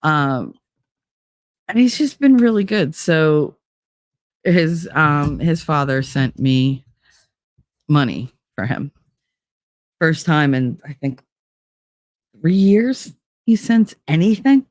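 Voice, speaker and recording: A woman in her forties hosting a show, telling personal stories casually and acting out the quotes with big jumps in pitch. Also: lively intonation, slow, pauses often, a little mellow, no echo, clean studio sound. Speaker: podcast host. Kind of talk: casual storytelling monologue.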